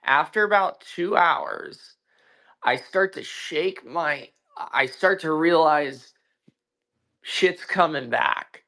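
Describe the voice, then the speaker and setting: A man's voice: on the high side, slow pace, bright, forceful tone. A man telling a personal story in casual chat on an audio call, profane and emphatic, with frequent restarts. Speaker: guest. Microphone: own mic on a social audio call.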